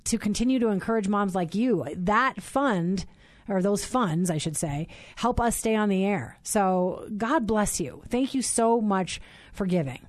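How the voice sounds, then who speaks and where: A woman's voice: medium pitch, animated, a little slow, dry recording. A woman in her forties hosting a Christian radio talk show, chatty and bubbly, laughing often. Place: radio studio.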